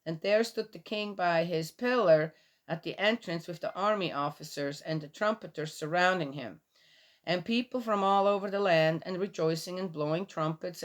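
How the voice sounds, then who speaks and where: A woman reading a Bible passage aloud and commenting on it in a casual, skeptical way, asking many rhetorical questions. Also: on the low side.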